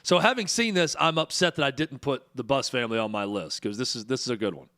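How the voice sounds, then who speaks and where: A man hosting a sports talk show, chatting in a measured, conversational way with dry teasing of his co-host. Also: medium pitch, lively intonation, fairly bright tone.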